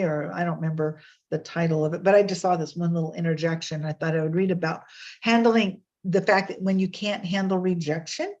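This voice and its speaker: A woman hosting a casual online session, talking in a chatty, meandering way with fillers and restarts over a video call. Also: mid-range voice. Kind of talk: casual spoken reflection with readings. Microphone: webcam on a video call. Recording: slightly dull lo-fi audio.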